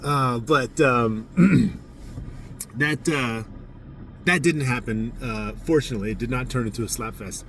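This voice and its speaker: A man's voice: mid-range voice, unhurried, creaky, long pauses, recorded from a distance, slight background noise. A man, a judo coach, casually telling a story from a tournament in a candid, self-mocking way. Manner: candid, self-mocking, animated when recounting his outbursts.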